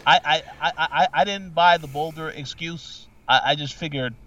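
A man co-hosting a podcast, chatting casually with many halting restarts. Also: a little high, pushed and bright, distant mic. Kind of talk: casual recap chat. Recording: dull, dry, off-mic.

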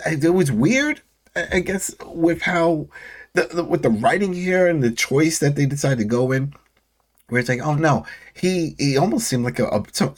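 A man recapping a TV episode in a casual chat. His voice sits at an ordinary middle pitch. He rambles loosely and jumps into quick acted-out lines from the characters. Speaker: podcast co-host.

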